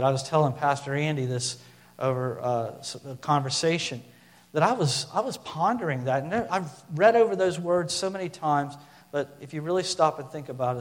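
A man's voice: on the high side, big-room sound. A man preaching a sermon, talking casually with fillers and restarts, then building to emphatic passages.

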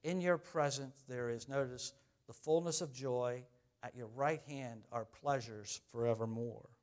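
A middle-aged man preaching a sermon as pastor, talking in a conversational way, asking the congregation questions and swinging from loud to quiet. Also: mid-range voice, a little slow.

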